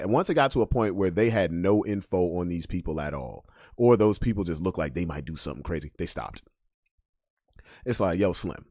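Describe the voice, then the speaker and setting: A man hosting a podcast, ranting casually, swinging from loud emphasis to low mutters. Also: no echo, clean studio sound. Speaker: podcast host. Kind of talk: casual monologue rant.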